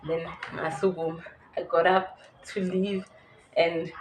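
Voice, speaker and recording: A woman's voice: fairly low pitch, level tone, measured pace, low-quality recording. A young South African woman with a South African accent, candidly telling a personal story to her viewers and laughing nervously at times. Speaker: YouTuber. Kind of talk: storytime vlog.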